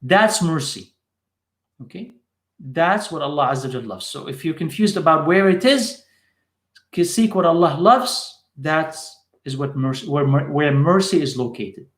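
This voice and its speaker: A man's voice: on the high side, expressive, moderate pace, roomy sound. A man teaching in a live question-and-answer session, repeating short phrases for emphasis.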